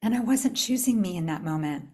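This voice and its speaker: A middle-aged woman from the United States hosting a live spiritual retreat talk, telling a story with upbeat invitations and soft, hushed stretches. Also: on the low side, lively intonation, a little fast, husky. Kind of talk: live online talk to a group.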